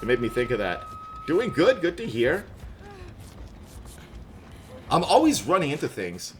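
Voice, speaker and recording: A man streaming a horror game live, chatting with viewers and teammates, quick to laugh and yelp in surprise. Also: fairly high pitch, huge pitch swings. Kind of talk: live gameplay commentary.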